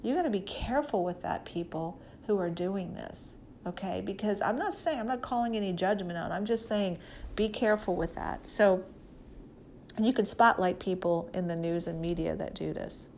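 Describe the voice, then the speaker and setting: A woman's voice: fairly low pitch, normal speed, slight background noise. A woman preacher giving a conversational Bible teaching, talking emphatically and directly to her listeners.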